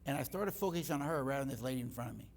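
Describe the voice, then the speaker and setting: A middle-aged male guest speaker gives a church teaching talk, animatedly telling stories and acting out the dialogue. His voice is medium in pitch, gravelly, and very fast.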